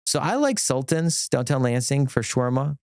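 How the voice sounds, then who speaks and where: A middle-aged man talks as a guest on a podcast, with an animated, eager delivery that jumps between ideas and restarts his sentences. His voice sits at an ordinary male pitch. The sound is close and dry, with no room echo. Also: moderate pace, clear, resonant tone. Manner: animated, enthusiastic, rambling with restarts. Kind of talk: casual podcast conversation.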